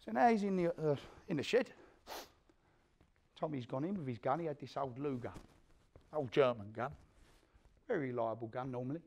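A man's voice: medium pitch, moderate pace, creaky, pauses often. A man playing an East End career criminal in a one-man stage play, telling his violent story in coarse, swearing East London street talk and acting out what others said. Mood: gritty. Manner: animated storyteller who acts out the quotes of others. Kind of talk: theatrical monologue to a live audience.

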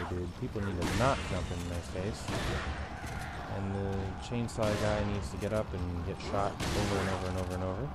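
Frustrated swearing gamer man. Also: low voice. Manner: frustrated, swearing, yelling repeated no's. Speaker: gaming YouTuber. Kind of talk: gameplay commentary. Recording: noisy home recording.

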